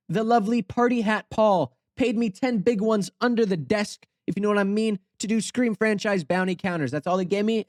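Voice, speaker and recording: A young male host with a high, light voice tells a story in a goofy, rambling way, full of sarcastic asides. He is recorded on a close mic in a dry space with no room echo. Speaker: channel host. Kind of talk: comedic storytelling commentary.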